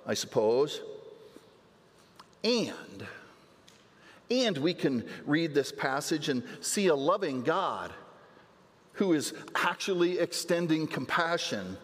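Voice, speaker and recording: A man delivering a sermon as pastor, in a voice pitched somewhat high for a man. He talks earnestly and often doubles a word as he restarts a phrase. His voice rings with the long reverb of a large church hall. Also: very animated, slow pace. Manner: earnest preaching with repeated words and restarts. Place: church sanctuary.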